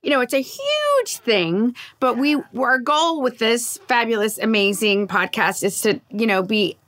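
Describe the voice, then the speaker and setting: A woman's voice: a little high, big pitch swings, a bit bright. A woman co-hosting a podcast, bubbly and effusive in casual chat. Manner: bubbly and effusive, quick laughs and gushing praise. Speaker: podcast co-host, comedian and storyteller.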